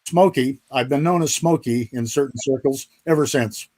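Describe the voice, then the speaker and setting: An older man speaks at a moderate pace in a medium-pitched, darkish voice. Appearing on a video call interview, the former fighter pilot spins folksy stories, chuckling through his restarts.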